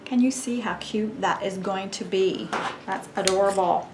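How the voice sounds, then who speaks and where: A woman's voice: mid-range voice, moderate pace, noisy background. A woman hosting a crafts tutorial, talking in a chatty, gushing way as she demonstrates. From Mississippi, US. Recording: roomy echo with background music.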